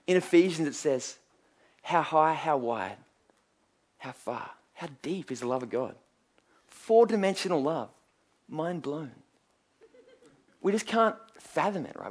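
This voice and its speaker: A man preaching a sermon, earnest and emphatic, telling stories and asking rhetorical questions. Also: fairly high pitch.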